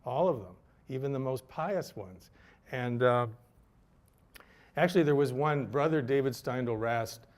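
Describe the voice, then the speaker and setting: An older man tells a personal story in a reflective, candid way. His voice sits at an ordinary middle pitch, and he stays wry enough to laugh at himself. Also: lively intonation, measured pace. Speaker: speaker telling his story.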